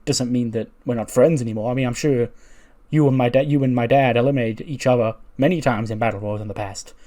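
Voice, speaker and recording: A man's voice: medium pitch, fairly even intonation, quick pace, warm tone, natural voice. A man doing an easygoing young wrestler. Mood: calm. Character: easygoing young male tag team wrestler.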